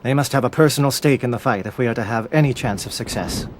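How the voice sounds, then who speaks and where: A stern alien captain briefs his troops in formal, clipped sentences, voiced by a man. The voice sits at an ordinary middle pitch for a man, over a faint background hum. This is video game dialogue. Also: fast, natural voice. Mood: resolute. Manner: formal, clipped military speech.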